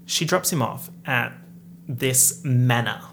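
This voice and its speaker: Sarcastic, gravelly movie reviewer. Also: mid-range voice, takes it slowly, fairly bright tone, a little hiss or hum. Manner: sarcastic, exasperated, swears freely. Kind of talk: comedic movie rant.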